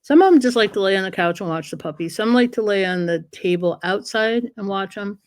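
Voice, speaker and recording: A woman guest in a casual interview, a lively storyteller who often acts out what dogs would say. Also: mid-range voice, brisk, no room sound, clean studio sound. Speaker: guest, dog breeder and trainer.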